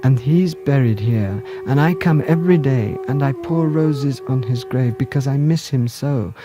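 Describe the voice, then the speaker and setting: A man's voice: medium pitch, measured pace, lightly acted. A man voicing a grieving old man who mourns a long-dead friend, speaking tenderly and wistfully over music. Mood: tender grief. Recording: music playing underneath.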